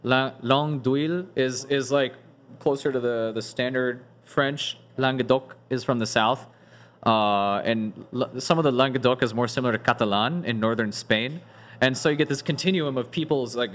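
A man of ordinary pitch hosts a relaxed podcast conversation among friends. He explains things in long, meandering runs. He keeps restarting his sentences and leaning on filler words. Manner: rambling, many restarts and "like" fillers. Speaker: podcast host. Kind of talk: casual group discussion.

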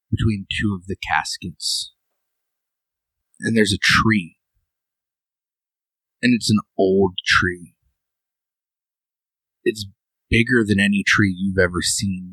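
A man narrating as game master, describing a scene in slow, drawn-out phrases. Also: deep voice, pushed and bright, no room sound, rough recording.

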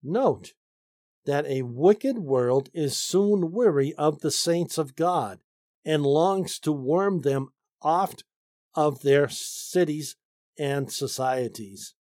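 A man teaching the Bible, reading commentary aloud and explaining it slowly, stressing key phrases. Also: on the high side, lively intonation, darkish tone, no room sound, studio quality. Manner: slow, deliberate reading with emphatic stresses.

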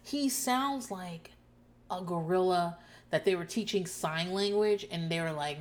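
Loud sweary woman ranting about a show, kinda low voice. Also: moderate pace. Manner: loud, animated, profane, acts out people's lines in shouts. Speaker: podcast host recapping a TV show. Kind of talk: casual chat.

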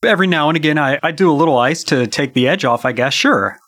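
A man's voice: a little high, animated, quick pace, a bit bright, no room sound, clean studio sound. A man voicing a laid-back, sheepish male drug user in a tabletop game, talking loosely and evasively.

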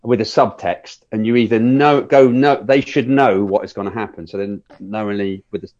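A man's voice: on the low side, normal speed, darkish tone, dull audio. A man co-hosting a film podcast, talking casually and rambling through a review while acting out scenes. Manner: rambling, restarts often, acts out scenes in quotes.

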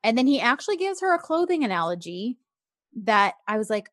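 A woman's voice: a little high, very animated, a little fast, a bit bright, dry recording, studio quality. Chatty woman recapping a show. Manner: chatty, talks through scenes with fillers. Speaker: co-host reviewing a show. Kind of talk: casual chat.

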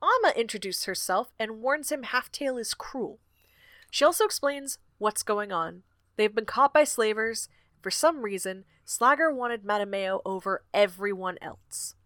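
A woman's voice: a little high, fairly bright tone, dry recording. A woman co-hosting a podcast, summarizing a book chapter in a casual chat and often laughing. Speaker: podcast co-host recapping a book.

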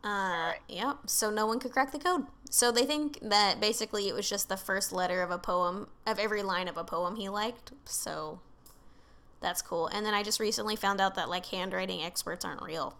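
A woman's voice: mid-range voice, moderate pace, fairly bright tone. A woman co-hosting a podcast, telling a story in casual chat over a call, full of fillers and asides. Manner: rambling, filler-heavy, swears casually. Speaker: podcast co-host telling a case. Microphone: remote call.

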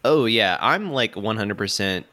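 Young male podcaster from Florida, bright forward voice, dry close sound, loose rambling chat. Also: fairly low pitch, expressive, unhurried, dry recording. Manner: rambling, filler-heavy, self-deprecating. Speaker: podcast host. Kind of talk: casual chat.

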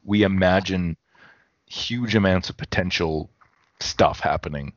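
A man's voice: low-pitched, a little slow, no room sound, dull audio. A man co-hosting a podcast in casual chat, thinking aloud and correcting himself as he goes. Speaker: podcast co-host.

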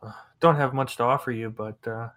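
A courteous middle-aged farmer and proud father, played by a man running a tabletop game. He speaks in a homely, unhurried way, a little hesitant. His voice sits in an ordinary middle range. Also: medium pitch, steady tone, a bit bright, close to an everyday voice.

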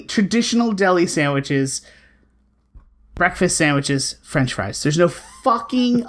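A woman co-hosts a casual podcast and recounts an everyday story with lots of energy. She talks in an exasperated way and swears freely. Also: on the low side. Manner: animated, profane, exasperated. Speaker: podcast co-host.

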